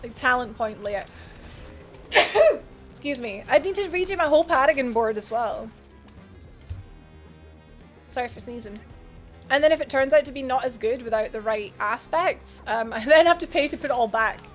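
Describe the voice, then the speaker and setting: A woman's voice: fairly high pitch, expressive, normal speed, pauses often, soft background music. A woman streaming a video game, chatting with viewers and thinking aloud as she plays, often laughing and gasping. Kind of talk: live gameplay commentary chatting with viewers.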